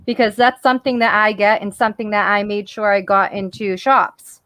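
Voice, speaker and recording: A woman's voice: medium pitch, steady tone, brisk, fairly bright tone, a little hiss or hum. A woman hosting a podcast, asking questions in a casual, chatty way and often repeating herself. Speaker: podcast host. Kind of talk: casual interview chat.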